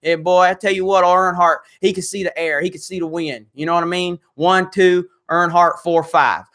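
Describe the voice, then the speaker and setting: A man putting on a boastful, rambling Southern good-ol'-boy with an Alabama accent, his voice hoarse. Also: high voice, steady tone, moderate pace, fairly bright tone.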